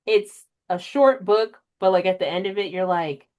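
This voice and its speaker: Expressive young woman hosting a chat. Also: moderate pace, dull audio. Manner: emotional, animated storyteller with big pitch jumps in quoted reactions. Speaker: podcast host. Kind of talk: casual chat.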